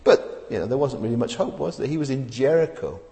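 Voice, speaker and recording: During a church service, a male preacher gives an earnest sermon at a fairly quick pace, his pitch lively and shifting. He poses rhetorical questions to the congregation and keeps restarting. His voice carries the long reverb of a large hall.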